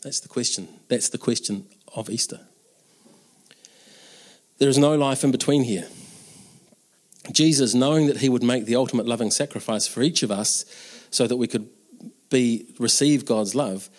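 A man's voice: mid-range voice, normal speed. A man preaching an Easter sermon in an earnest, conversational way, with casual asides.

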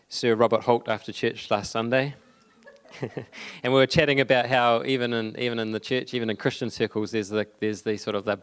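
A young man giving a conversational sermon, halting often with fillers and restarts. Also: on the low side. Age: young adult. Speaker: preacher.

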